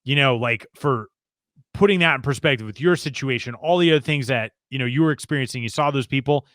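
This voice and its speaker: A man hosts a casual podcast chat, friendly and ready with a joke. His pitch is middling. The sound is dry and close. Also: quick pace, fairly bright tone, dry recording. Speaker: podcast host.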